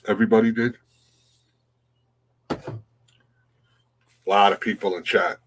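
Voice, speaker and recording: A man chats casually on a morning livestream, greeting his viewers one by one. His voice sits a bit low and his talk is easygoing, often trailing off mid-thought. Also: unhurried, long pauses, low-quality recording. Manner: relaxed, greets chatters by name, trails off. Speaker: livestream host. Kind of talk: casual chat reading viewer comments.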